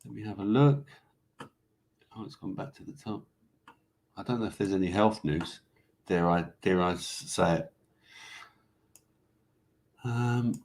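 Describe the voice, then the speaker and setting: A man's voice: on the low side, takes it slowly, pauses often, darkish tone. A man hosting a casual live show, rambling through viewer comments and news items in an offhand, swearing way. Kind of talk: casual livestream chat.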